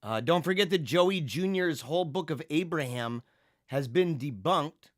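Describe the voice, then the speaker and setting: A man hosting a casual livestream, reading viewer comments and chatting in an animated, laughing way. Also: fairly high pitch, no echo, clean studio sound. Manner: animated, laughing, drawn-out slang. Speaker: livestream host.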